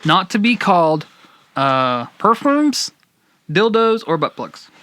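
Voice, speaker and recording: A man's voice: fairly high pitch, animated, a little slow, sharp tone. A man co-hosting a casual podcast chat, joking and rambling with restarts. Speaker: podcast co-host.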